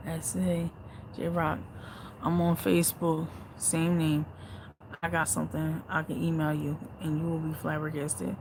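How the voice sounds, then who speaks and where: Speaking in a monotone and a little slowly, a woman reads comments aloud on her casual livestream and fires back bluntly with heavy swearing. She moves between low muttering and loud outbursts over a noisy background.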